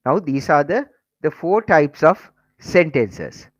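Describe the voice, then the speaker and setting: Sri man teaching, lively pitch. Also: slow, no room sound, dull audio. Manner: mixes Sinhala and English, repeats key phrases. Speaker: English teacher. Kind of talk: online lesson.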